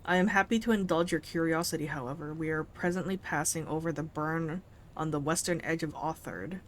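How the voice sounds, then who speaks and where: Courteous military captain, read by a woman, low-ish and stiff, game dialogue. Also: a little fast, slight background noise, natural voice. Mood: explaining. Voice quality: stiff formal phrasing. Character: courteous male airship captain, military officer. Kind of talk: reading game dialogue aloud.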